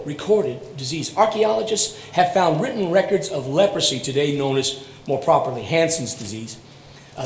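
A man preaching a sermon, swinging between loud proclamations and hushed, slow storytelling. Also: sits high, roomy sound, a little hiss or hum, rough recording. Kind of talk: sermon on a broadcast program.

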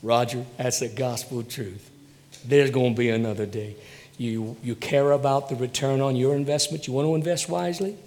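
A male pastor preaching a sermon, swinging between loud bursts and hushed near-whispers. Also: mid-range voice, fairly even intonation, moderate pace. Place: church sanctuary. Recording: long hall reverb.

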